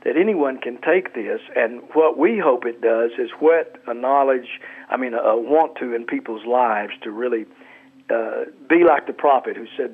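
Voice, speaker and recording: On a Christian radio program, a male pastor who also writes books calls in to talk about scripture. The tinny phone connection carries his mid-range, faintly husky voice, and his earnest delivery keeps stopping and starting over.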